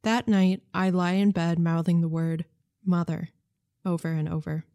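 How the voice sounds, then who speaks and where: A woman reads a children's novel aloud for radio, her voice sitting fairly low. She tells it in a measured, gentle way, close to the microphone in a dry, dead studio. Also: level tone, dry recording. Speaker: narrator.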